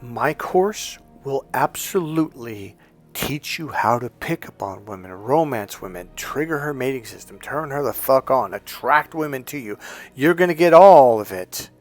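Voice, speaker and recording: A man's voice: medium pitch, animated, moderate pace, a little mellow, faint music behind. A man in his fifties, a dating coach giving a blunt, profane, emphatic motivational monologue. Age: 50s.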